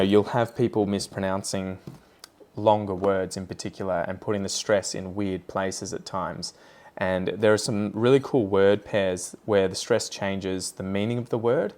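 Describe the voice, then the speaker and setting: A man's voice: deep voice, a little mellow. A man with an Australian accent who hosts a plant channel, chatting casually and rambling off on tangents while he pots up plants.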